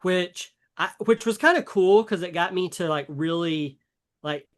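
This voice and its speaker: A man's voice: high voice, a little slow. A man with a Southern US accent, co-hosting a podcast in a chatty, rambling way with many fillers. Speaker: podcast co-host. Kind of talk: casual chat.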